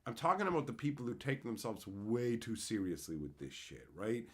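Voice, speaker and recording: Man, live stream rant, sarcastic, profane, lively swinging pitch, mid-pitched voice. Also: moderate pace. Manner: animated, sarcastic and profane, answering chat. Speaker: streamer host.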